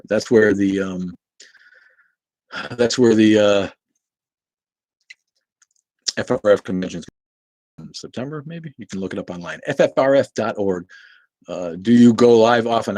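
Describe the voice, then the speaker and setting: Low-voiced man rambling on a livestream. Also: normal speed, pauses often, a little mellow, no room sound. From Boston, New England. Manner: rambling, profane, answers chat comments. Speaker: livestream host. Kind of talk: casual livestream chat.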